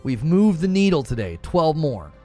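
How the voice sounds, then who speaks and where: A man's voice: fairly high pitch, very animated, normal speed, mellow, soft background music. A man hosting a gaming live stream, talking casually, rambling, joking and repeating himself as he reads chat.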